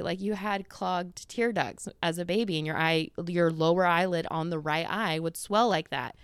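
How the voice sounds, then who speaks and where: At a moderate pace and with few pauses, a woman in her thirties hosts a podcast in a smooth, slightly bright voice on the low side. Her casual monologue rambles along with fillers and quoted asides, she's slightly winded, and the studio sound is clean with no room sound.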